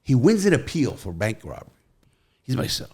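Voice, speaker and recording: A middle-aged man hosting a podcast, telling stories in casual chat and jumping to loud, high quotes. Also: a little fast, breathy edge. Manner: animated storyteller, jumps to loud high quoting. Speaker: podcast host.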